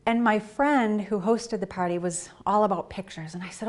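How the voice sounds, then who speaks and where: A woman in her forties tells her own story from the stage at a medium pitch. She talks in an animated way and acts out her own quoted reactions as she goes. Her delivery moves easily between plain narration and short dramatized lines. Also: brisk, few pauses. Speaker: speaker. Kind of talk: personal story talk. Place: stage talk.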